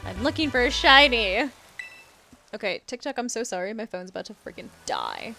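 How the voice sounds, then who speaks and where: A young woman in her twenties streams a game live and chats with her viewers, playfully sarcastic and quick to giggle. Her voice sits fairly high. Loud house beats run under her talk the whole time. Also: big pitch swings, vocal fry, soft background music. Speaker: game streamer reading chat. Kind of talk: casual live-stream chat. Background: house beats playing under the voice.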